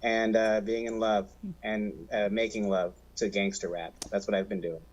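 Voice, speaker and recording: A man in his thirties sits on a comedy panel. He jokes deadpan and stalls on fillers before each punchline, in a plain mid-range voice. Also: on the low side, normal speed, muffled recording. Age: 30s.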